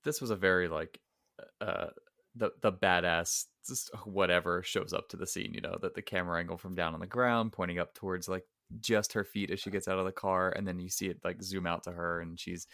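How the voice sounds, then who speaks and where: Gravelly deep man with a lively voice. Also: fairly quick, no room sound, clean studio sound. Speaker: podcast co-host. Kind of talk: casual chat.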